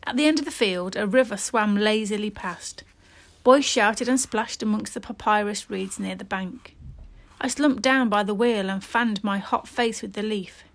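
A woman narrating a first-person children's story in a steady, expressive reading voice. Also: mid-range voice, vocal fry. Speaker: storybook reader.

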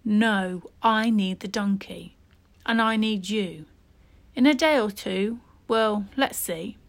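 A woman's voice: medium pitch, slow. A woman voicing a firm but kind farming father who turns down his son's request.

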